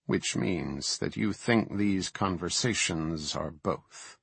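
A man voicing a serene but worried male night elf archdruid, speaking quietly and with restraint in an audiobook. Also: sits low, slow pace, gravelly, breathy edge, no room sound, exaggerated voice.

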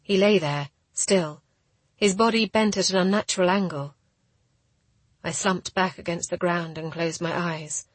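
Woman, audiobook narrator, husky, lowish voice, dry close sound, steady and measured. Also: no room sound. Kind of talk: scripted first-person narration.

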